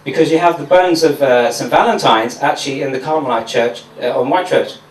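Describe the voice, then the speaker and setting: A stand-up comedian from Mauritius, doing a sardonic, profane routine at a comedy venue. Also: male voice, mid-range voice, fairly quick, slight background noise. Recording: echoey room from a distance.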